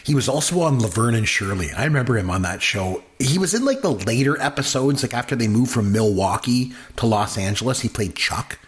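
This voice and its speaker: A man's voice: medium pitch, animated, a little fast, hardly any pauses. A man co-hosting a podcast, chatting casually and enthusiastically about a film, rambling with many fillers. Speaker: podcast co-host, film reviewer. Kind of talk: casual movie review chat.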